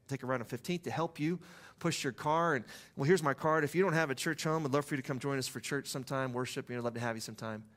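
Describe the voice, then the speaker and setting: Soft-spoken pastor, storytelling. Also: male voice, a little high. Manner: conversational storytelling, soft and hushed at times. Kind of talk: sermon.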